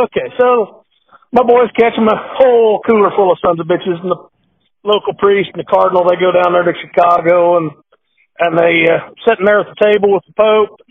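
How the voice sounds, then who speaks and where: A man's voice: high-pitched, steady tone, fairly quick, husky. A man from Nebraska who breeds cattle, talking casually and a bit rambling as a podcast guest over a phone line, often repeating his words. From Nebraska, USA. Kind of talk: casual phone interview and joke telling.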